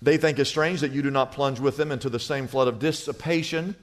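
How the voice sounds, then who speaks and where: A man's voice: medium pitch, fairly even intonation, fairly quick, in a large hall. A man preaching a sermon, telling a personal story with humor before making his point to the congregation. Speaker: pastor.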